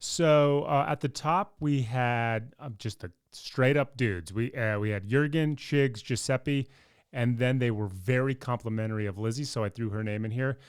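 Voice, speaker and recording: A man's voice: medium pitch, moderate pace, smooth, no echo, studio quality. A man co-hosting a podcast in casual chat, enthusiastic and leading the segments from his notes. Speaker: podcast co-host.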